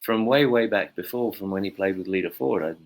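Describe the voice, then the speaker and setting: A man, a bassist telling stories in an interview, with lots of fillers. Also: brisk. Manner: rambling storyteller, many fillers. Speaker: guest bassist. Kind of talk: anecdotal interview talk.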